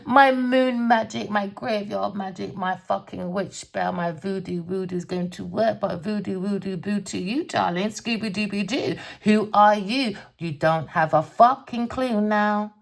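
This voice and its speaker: A woman's voice: mid-range voice, fairly even intonation, a little slow, gravelly, few pauses. A woman giving a theatrical tarot reading, sing-song and cussing, calling listeners darling. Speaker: tarot reader.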